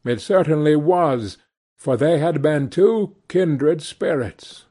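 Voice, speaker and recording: Husky, slow-reading male narrator. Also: on the high side, expressive, dark tone. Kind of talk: audiobook reading of a classic novel.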